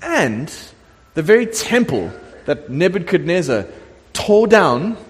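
Animated middle-aged pastor in a reverberant hall. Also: male voice, a little high, slow pace. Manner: animated storytelling preacher, acts out quoted voices. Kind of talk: sermon. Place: church sanctuary. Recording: long church hall reverb.

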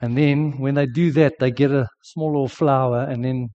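South african guy quoting a tired teen girl, quiet and worn out, bit muffled. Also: mid-range voice, steady tone, moderate pace, close to an everyday voice. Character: tired, upset teenage schoolgirl.

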